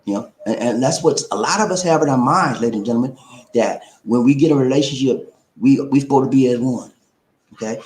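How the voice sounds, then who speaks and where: A man's voice: medium pitch, a little fast, a little mellow. Preachy man in an echoey room. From South Carolina. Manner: preachy and playful, chants rhyming call-and-response lines; repeats "okay?" and "man" after points. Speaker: relationship advice livestream host. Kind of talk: casual livestream talk.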